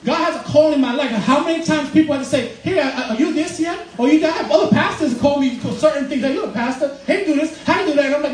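A man's voice: very high voice, a little fast. A man preaching a sermon as pastor, casual and joking, often laughing as he talks. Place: church. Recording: roomy, distant mic with faint noise.

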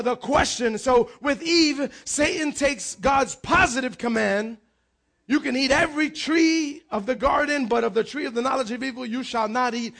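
High-pitched, gravelly pastor preaching loudly. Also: male voice. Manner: energetic preaching with frequent shouts and repeated words. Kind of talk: sermon.

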